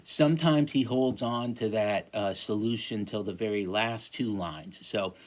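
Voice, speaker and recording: A man lecturing a class, halting, with many fillers and restarts. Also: lowish voice. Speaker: teacher.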